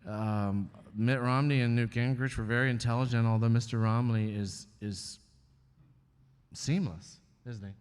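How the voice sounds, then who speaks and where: A male comedian as guest in a live on-stage conversation, talking candidly and wryly, often halting and restarting. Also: mid-range voice, fairly even intonation, darkish tone, smooth, in a large hall. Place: stage at an arts venue before an audience.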